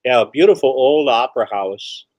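A man chatting as a guest, recalling stories in a halting, hesitant way. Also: mid-range voice, expressive, darkish tone, dry recording. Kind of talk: casual chat.

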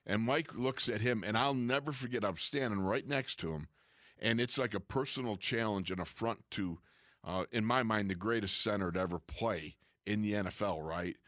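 Brief: ex-player co-host, lower-pitched man, animated raconteur, dry close mic. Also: normal speed, no room sound. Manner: animated storyteller, acts out quoted coaches and players. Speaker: former pro football player, co-host. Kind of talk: casual storytelling chat.

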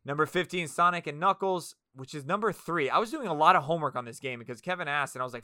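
A man hosting a casual podcast, energetic, crude and rambling. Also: fairly high pitch, fast talker, few pauses, no echo, clean studio sound. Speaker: podcast host.

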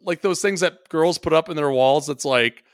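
A man's voice: fairly high pitch, moderate pace, no room sound, studio quality. A man co-hosting a podcast, rambling through funny personal stories in casual chat and poking fun at himself. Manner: rambling storyteller, self-mocking, stumbles and restarts. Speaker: podcast co-host.

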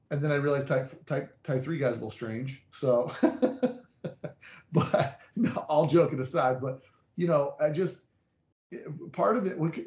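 A man's voice: mid-range voice, a little mellow, reverberant, highs cut off. A man hosting a casual chat, reflective and rambling with restarts.

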